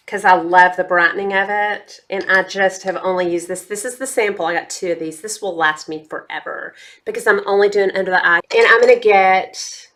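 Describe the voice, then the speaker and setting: A woman's voice: medium pitch, sharp tone. A woman chatting casually through a makeup tutorial, talking straight to her viewers. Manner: chatty, addresses viewers as y'all. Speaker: beauty vlogger.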